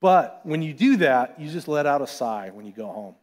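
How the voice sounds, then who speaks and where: Pastor, male, fairly high voice, chatty animated sermon, long church reverb. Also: moderate pace. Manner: conversational, animated preaching with asides. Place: church sanctuary.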